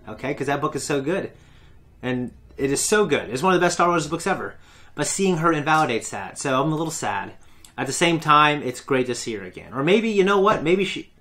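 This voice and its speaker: A man's voice: a little high, pushed and bright. A man hosting a reaction video, chatting casually and enthusiastically in a rambling, self-correcting way. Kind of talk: casual fan commentary.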